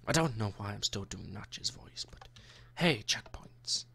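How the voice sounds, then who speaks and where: A man's voice: lowish voice, expressive, moderate pace, vocal fry, fairly bright tone, slightly rough. A young man narrating his own gameplay in a chatty, jokey way, talking to the characters he meets. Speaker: gaming YouTuber. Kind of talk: let's-play commentary.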